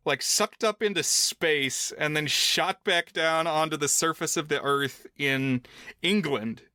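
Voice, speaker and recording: A man's voice: fairly high pitch, pushed and bright, no room sound, clean studio sound. A man co-hosting a film podcast, casually walking through a movie's plot and rules at length. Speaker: podcast co-host.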